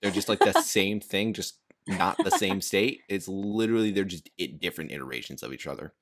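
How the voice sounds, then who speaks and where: A man's voice: low-pitched, huge pitch swings, fairly quick, a bit bright. A man hosting a casual podcast chat, rambling along with frequent laughs and fillers. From United States. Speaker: podcast host.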